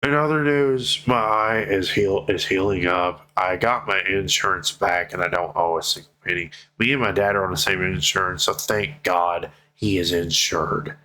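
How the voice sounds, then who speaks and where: A man speaking in an emotional personal vlog, tearful and heartfelt, swearing freely and pleading slowly with his viewers. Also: low-pitched, sharp tone, rough recording. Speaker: vlogger.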